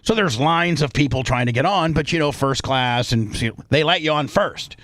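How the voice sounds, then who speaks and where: A man's voice: a little high, moderate pace, no echo, clean studio sound. A male radio show host telling a story in a casual way, putting on the voices of the people in it. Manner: animated, acts out other people's voices in his story.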